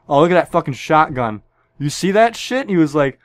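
A man's voice: fairly high pitch, expressive, quick pace, no room sound. Young male gamer, casual profane commentary, tenor-ish, dry studio-close sound. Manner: profane, joking, sudden yelps. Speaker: gameplay commentator.

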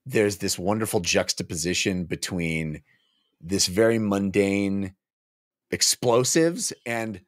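A man's voice: sits low, slow pace. A man co-hosting a casual book-club podcast, talking animatedly and slipping into playful voices. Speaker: podcast co-host.

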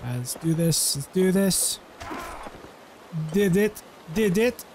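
A man with a notably high voice gives loose, chatty commentary over his gameplay. He is playful and easygoing, and slips into half-serious role-play now and then. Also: expressive, slow, darkish tone, a little hiss or hum.

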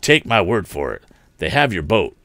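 A man's voice: low voice, sing-song, normal speed, a bit bright, no echo, full character voice. A man reading a storybook aloud, voicing a blunt, confident middle-aged male engineer in a firm, matter-of-fact way.

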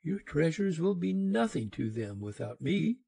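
A man voicing a sad, fading dream spirit that speaks in a mournful, pleading way, raised well above his usual pitch. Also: big pitch swings, unhurried, gravelly, warm tone, husky, no echo, full character voice. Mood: sorrowful pleading.

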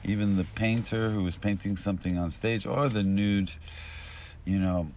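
Low-voiced rambling street joke-teller man. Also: steady tone, moderate pace, slight background noise. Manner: rambling, loses his thread, swings between mutters and shouts. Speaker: street storyteller. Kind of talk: casual rambling joke-telling. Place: outdoors on a street. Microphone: binaural recording.

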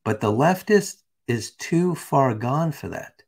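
A man's voice: medium pitch, lively intonation, takes it slowly, creaky, darkish tone, slightly rough. A man hosting a live stream, reading a text aloud and chatting casually with viewers. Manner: casual, chatty, asides to the chat.

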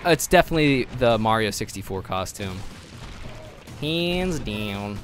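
A man live-streaming gameplay, chatting with viewers in an excitable, gushing way and laughing often, flustered. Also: lowish voice, a little slow, soft background music.

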